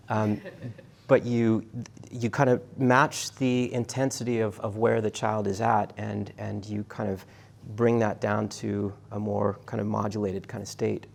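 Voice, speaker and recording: A middle-aged man lecturing a class, talking in a halting, conversational way with many restarts and fillers and putting questions to his students. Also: fairly low pitch, vocal fry. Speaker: university lecturer.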